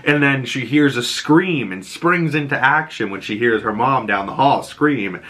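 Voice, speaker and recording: A man recapping a show in a casual vlog, rambling fast with lots of filler words. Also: mid-range voice, fairly bright tone. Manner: rambling, fast, full of "like" and "you know".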